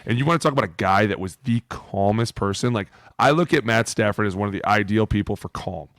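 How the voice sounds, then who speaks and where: A man co-hosting a casual podcast, telling animated stories and acting out quotes. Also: fairly low pitch, fast, no echo, clean studio sound. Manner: animated storyteller, acts out quotes. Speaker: podcast co-host, former lineman. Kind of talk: casual chat.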